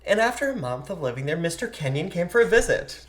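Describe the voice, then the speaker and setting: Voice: mid-range voice, very animated, fast talker. A podcast host retelling a true haunting story in a casual, chatty way, acting out the people quoted.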